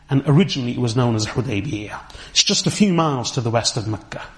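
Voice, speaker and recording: Measured man teaching a religious lesson. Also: medium pitch. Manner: deliberate, explanatory, with careful Arabic terms. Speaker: Islamic teacher.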